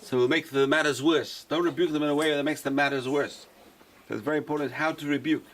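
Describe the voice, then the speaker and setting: A rabbi lectures to a small class at a rapid clip. He drives points home by saying them twice, over a faint hiss in the background. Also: fairly high pitch. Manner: repeats key phrases for emphasis, animated. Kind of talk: lecture-style Torah class.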